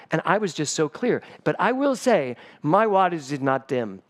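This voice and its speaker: Animated man preaching a sermon. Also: a little high, brisk, few pauses. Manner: animated storyteller. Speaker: spiritual director. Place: church service.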